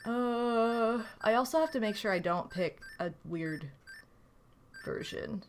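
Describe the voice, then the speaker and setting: Animated woman streamer, lively voice. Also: on the high side, slow pace, slight background noise. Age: 30s. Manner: animated, gushing, reads game text aloud. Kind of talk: casual gameplay commentary.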